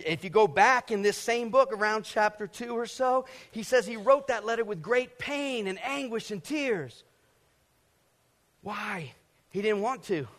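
A middle-aged pastor from Georgia delivers a sermon to a congregation from the stage, his voice pitched on the high side. He drifts into lively personal stories, acting out scenes and adding playful sound effects. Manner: animated storytelling, acts out scenes and sound effects. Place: stage before a live congregation.

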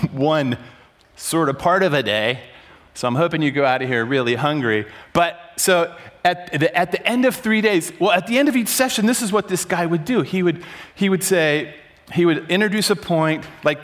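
A man preaching a sermon to a room, telling a story with animated, loud acted-out bursts. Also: fairly high pitch. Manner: animated, acts out quotes with sudden loud bursts. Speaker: pastor. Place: large room before an audience.

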